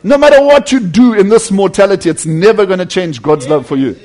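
This sermon comes from a high-pitched male preacher who talks fairly quickly. He earnestly calls the congregation friends while shifting from loud, emphatic stretches to hushed, almost whispered ones.

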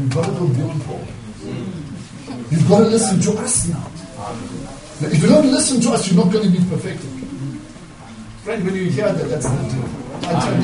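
A man preaching a fervent sermon, driving his points home with repeated rhetorical questions. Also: high-pitched. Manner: impassioned, rhetorical, checks in with 'yeah?'. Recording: echoey room from far off, music underneath. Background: music.

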